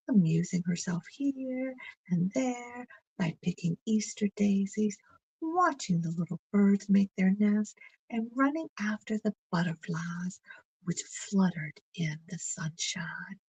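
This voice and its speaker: A woman reads a bedtime story in a gentle, soothing voice that often drops almost to a whisper. Her tone is very breathy and husky. She reads slowly, and her pitch rises and falls with lively expression. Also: no room sound, muffled recording.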